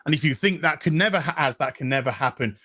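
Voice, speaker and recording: Male co-host, high bright voice, heated sweary rant. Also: quick pace, no room sound. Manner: profane and animated, mocking voices of others. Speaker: comic book show co-host. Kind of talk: heated opinion rant on a livestream panel.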